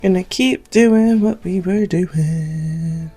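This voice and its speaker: A woman's voice: fairly low pitch, takes it slowly, mellow, soft background music. A young Canadian woman, an artist from Southern Ontario, talking through her drawing process in a rambling, self-deprecating, chatty way. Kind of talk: chatty draw-along tutorial.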